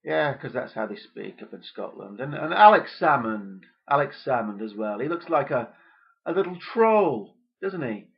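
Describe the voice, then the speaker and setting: Deadpan, gloomy man ranting. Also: mid-range voice, moderate pace, highs cut off. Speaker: comedy podcast host. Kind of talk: deadpan comic rant.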